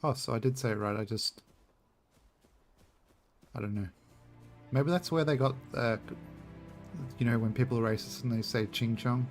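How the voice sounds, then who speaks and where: A man's voice: medium pitch, moderate pace, pauses often, faint music behind. A man giving casual, rambling commentary while playing a game, muttering to himself and making little sound-effect noises. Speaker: streamer.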